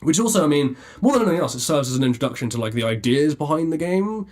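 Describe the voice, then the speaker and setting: A man's voice: fairly high pitch, expressive, quick pace, a little mellow. A young man co-hosting a casual podcast, chatty and rambling, laughing often between his points. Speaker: podcast co-host. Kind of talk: casual chat.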